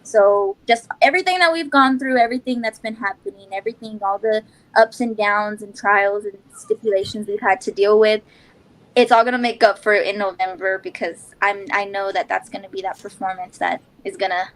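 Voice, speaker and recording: A woman's voice: mid-range voice, fairly even intonation, a little fast, a bit bright, poor audio. A young woman singer being interviewed, chatting casually and laughing often. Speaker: guest singer.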